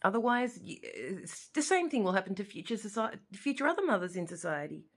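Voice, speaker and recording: An Australian vlogger in her forties speaks directly to the camera from her living room, her mid-range voice very animated and fairly quick. Her emotional personal monologue is impassioned and rambling, often circling back on itself.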